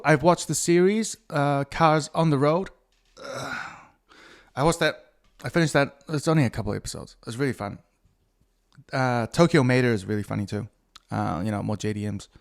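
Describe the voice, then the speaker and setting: A man hosting a solo podcast, talking in a crude, meandering, self-mocking way with many fillers and restarts. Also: mid-range voice. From New Zealand. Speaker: podcast host. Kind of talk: rambling solo podcast monologue.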